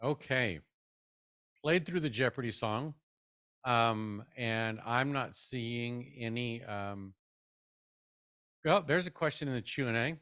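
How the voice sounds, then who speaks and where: A middle-aged man presents a parenting webinar in a relaxed, conversational way, often dropping in "man" as he talks. His voice sits at an ordinary pitch, and the sound is close and dry with no room echo. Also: takes it slowly, pauses often, clean tone. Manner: casual and upbeat, says "man" often.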